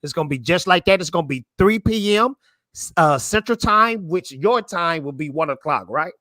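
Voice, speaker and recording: A man, a guest YouTuber in a casual film chat, animated and emphatic, repeating his points. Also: on the high side, normal speed, dry recording, clean studio sound.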